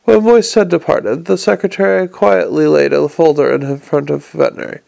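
Male narrator, gravelly, a little high, even and unhurried. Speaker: audiobook reader. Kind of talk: audiobook narration.

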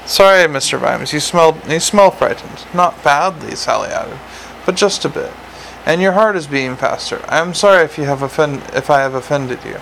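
A woman's voice: deep voice, animated, moderate pace, creaky, a bit bright, a little hiss or hum, heavily acted, low-quality recording. A man voicing an earnest, polite young female vampire applying to join the police. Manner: polite, eager, a bit defensive.

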